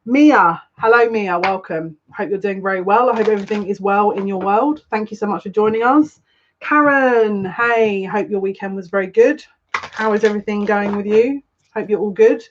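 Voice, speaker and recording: A woman hosting a casual live psychic reading stream, chatty and rambling, greeting viewers by name. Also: medium pitch. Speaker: psychic tarot reader. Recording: dull lo-fi stream audio with faint noise.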